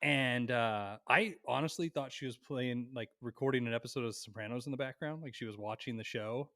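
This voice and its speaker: A young man on a podcast, telling a long family story in a lively, animated way and swearing freely. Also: mid-range voice, brisk, no room sound. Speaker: podcast co-host. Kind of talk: casual storytelling chat.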